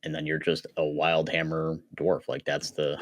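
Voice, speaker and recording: A man with a low, deep voice talks eagerly as a podcast guest, tossing in "like" again and again and restarting his sentences. His voice sounds dry and close, with no room echo. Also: level tone, a little slow. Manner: eager, many "like" fillers and restarts. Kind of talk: casual chat.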